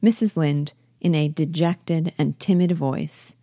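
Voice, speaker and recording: Low-voiced woman reading a play aloud. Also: slow, warm tone, dry recording, studio quality. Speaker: audiobook reader.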